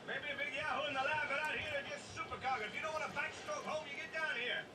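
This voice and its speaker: A man's voice: very high-pitched, fairly even intonation, fast. An actor playing a crusty, scornful old shark hunter who barks orders at his crew, heard from film audio playing in the room. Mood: mocking. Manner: gruff, barking orders. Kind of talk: film dialogue. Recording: film audio played in a room, echoey, distant, noisy.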